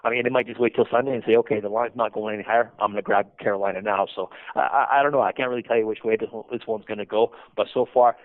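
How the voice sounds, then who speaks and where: A man with a fairly low voice talks quickly down a thin, tinny phone line. He stumbles, restarts and fills gaps as he explains things casually. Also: steady tone. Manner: halting, many restarts and fillers. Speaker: sportsbook lines manager.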